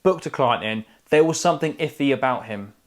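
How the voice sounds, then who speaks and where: A man's voice: mid-range voice, expressive, fairly quick. A man, an estate agent, telling a clipped, chatty story while co-hosting a podcast from a living room. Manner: chatty anecdotal storyteller, drops subjects from clipped sentences. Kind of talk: casual storytelling chat.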